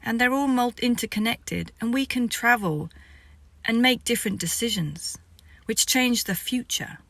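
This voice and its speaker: A woman's voice: on the high side, normal speed, fairly bright tone, dry recording. A woman, a spiritual vlogger, telling the story of a vision in a rambling way that sometimes drops to a whisper.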